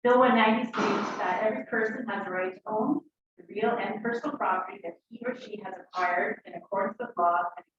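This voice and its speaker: A woman's voice: medium pitch, brisk, noisy background. A woman speaks earnestly and emotionally as a resident addressing her town council. Her voice comes from a distant mic and sounds muffled. The chamber is very echoey. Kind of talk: public comment at a town meeting.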